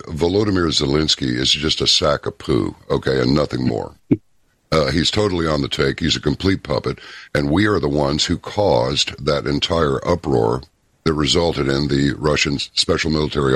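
A man talking as a guest in an interview, telling stories in an emphatic, deliberate way. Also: very deep voice, husky, no room sound, studio quality. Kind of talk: casual interview talk.

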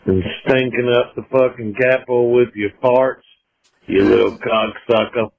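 A man's voice: medium pitch, fairly even intonation, measured pace, gravelly. A man leaving a crude, taunting voicemail in a put-on Southern US accent, heard in a lo-fi recording. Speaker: voicemail caller.

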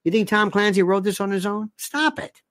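A man's voice: high-pitched, lively intonation, moderate pace, fairly bright tone, no echo. A man delivering a rambling monologue, firing off sarcastic rhetorical questions and repeating himself for emphasis.

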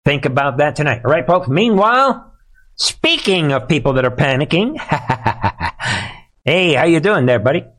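A man's voice: fairly high pitch, very animated, a little slow, long pauses, fairly bright tone. A man hosting a live political commentary show, speaking straight to his audience in a sarcastic, emphatic way.

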